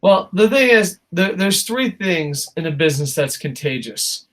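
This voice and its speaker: A man's voice: high-pitched, normal speed. A man co-hosting a casual wrestling talk show, ranting with lots of swearing and acting out little quotes. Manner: profane, animated ranting with acted-out quotes. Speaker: podcast co-host.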